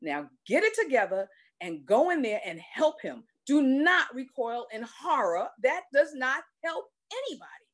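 A man's voice: very high voice, very animated, a little slow, fairly bright tone, pitched above the performer's own voice, exaggerated voice. A stern, impatient doctor, as a woman storyteller puts him on, clipped and scolding in his rebuke. The voice stays close to her own, with only a slight lift. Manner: curt, scolding.

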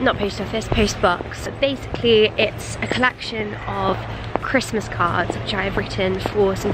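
A young woman chats through her day in a relaxed vlog style. She has a slight lisp, and clear Christmas music plays behind her voice. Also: mid-range voice. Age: young adult. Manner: slight lisp from a mouth guard. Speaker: vlogger. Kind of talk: casual vlog chat.

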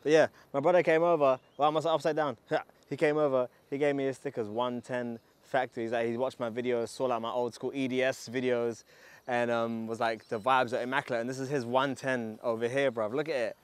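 A man's voice: medium pitch, little pitch movement, brisk, clear, resonant tone, no echo. A man vlogging at an outdoor car meet, talking in hyped, slang-heavy street talk while filming on a handheld camera. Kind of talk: casual walkaround vlog. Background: faint outdoor noise.

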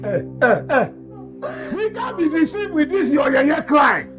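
An actor with a Nigerian Pidgin accent playing a harsh village elder who scornfully accuses a widow and shouts his demands. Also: very high voice, sing-song, a little slow, over music, heavily acted. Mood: accusing. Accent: Nigerian Pidgin English.

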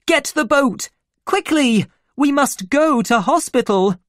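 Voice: lively intonation, slow pace, dry recording, clean studio sound. A reader voicing a frightened grown half-sister who calls out in alarm, in a children's story. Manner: high and urgent.

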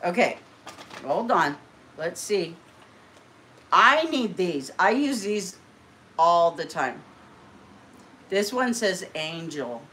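A woman hosting a casual live stream, chatting to viewers and gushing with excitement as she opens mail. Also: lowish voice, slow, long pauses. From California. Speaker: channel host.

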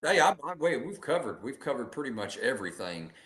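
A man's voice: medium pitch, big pitch swings, brisk, a bit bright. A man hosting a casual talk show, rambling and repeating himself in an easygoing way. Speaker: host.

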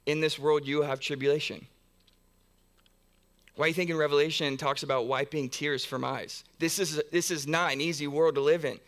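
A man's voice: on the high side, fairly even intonation, moderate pace. Earnest man preaching a sermon. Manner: earnest, repetitive build-ups with frequent restarts. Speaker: pastor. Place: church sanctuary.

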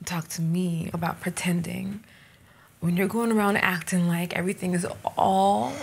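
An actress playing a guilty, defiant ex-fiancée who pleads and accuses by turns. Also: female voice, fairly low pitch, steady tone, moderate pace, vocal fry, husky. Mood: emotional. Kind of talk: romantic drama acting.

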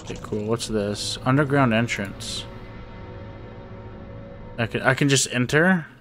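A man's voice: medium pitch, measured pace, fairly bright tone, faint music behind. A young man giving rambling, nervous let's-play commentary to his viewers, often panicking and talking to himself. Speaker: gaming YouTuber.

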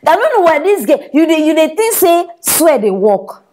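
A woman with a high voice delivers comedy gossip news in a Nigerian Pidgin accent. She teases and scolds her audience and laughs often as she talks. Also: very animated, normal speed, a little mellow. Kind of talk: gossip commentary.

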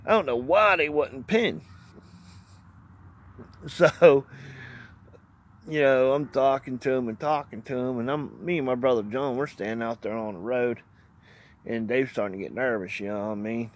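A man's voice: medium pitch, normal speed, pauses often. A man telling a hunting story in a rambling, folksy way, laughing often and cursing now and then. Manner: plainspoken, mild cursing. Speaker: outdoors vlogger. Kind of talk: casual storytelling.

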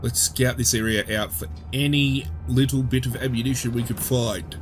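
A man talking through a video game in a relaxed commentary style, at an ordinary mid pitch. He chats and jokes with his viewers and swears freely between his remarks. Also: moderate pace, soft background music. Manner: chatty, swears freely, jokey asides. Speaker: gameplay commentator. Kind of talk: casual gameplay commentary.

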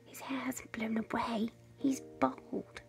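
Sensible storybook girl, matter-of-fact and unhurried , played by a woman reader. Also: on the high side, a little mellow, soft background music, close to an everyday voice. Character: sensible, correcting young girl.

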